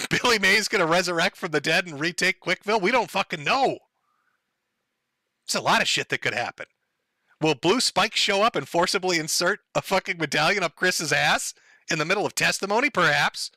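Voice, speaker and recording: A man riffing on a livestream in a sarcastic, profane way, slipping into mock-dramatic panic. His voice is very bright and fairly high for a man, and his pitch swings widely. The sound is dry and close. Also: animated, brisk, no room sound. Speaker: streamer. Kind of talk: mocking livestream commentary.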